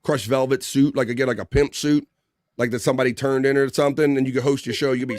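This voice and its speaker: A man hosts a casual live talk stream and reads viewer comments aloud. He talks in a loose, rambling way, full of "uh" and "like." His voice sits in a middle pitch and sounds close and dry. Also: quick pace, dry recording. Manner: relaxed, rambling, many fillers. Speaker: livestream talk show host.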